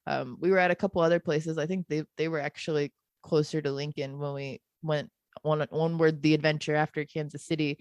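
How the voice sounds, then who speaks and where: A woman with a somewhat low voice chats on a podcast in long, lively run-on stories. She leans easily into laughter, and the sound is close and dry. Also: brisk, smooth, no echo. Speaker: podcast co-host. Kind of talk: casual chat.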